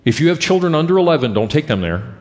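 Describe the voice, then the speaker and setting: A middle-aged man preaching a sermon as pastor, talking in a lively, conversational way and putting questions to the congregation. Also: fairly high pitch, quick pace. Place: church sanctuary with congregation. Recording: long church hall reverb.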